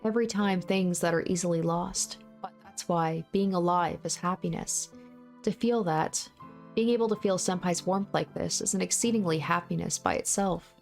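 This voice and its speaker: A woman narrating a visual novel aloud in a soft, steady, measured voice. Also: fairly low pitch, creaky, faint music behind.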